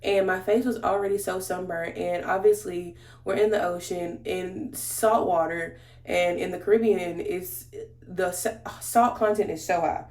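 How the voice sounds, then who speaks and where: A woman's voice: on the low side, steady tone, a little slow, darkish tone. A woman beauty vlogger telling a story in casual, slangy chat while she does her makeup, talking straight to her viewers. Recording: roomy echo.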